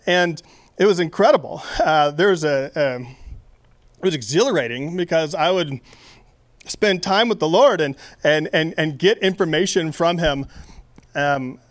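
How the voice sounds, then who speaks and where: Higher-voiced man preaching casually. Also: expressive, unhurried, dry recording. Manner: conversational, lots of fillers and restarts. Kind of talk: casual sermon.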